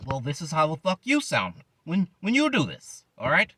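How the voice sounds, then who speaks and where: A man mocking a put-on soft-spoken, overly proper voice with the bass taken out. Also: wildly swooping pitch, normal speed, a little hiss or hum, exaggerated voice. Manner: mocking, exaggerated lightness.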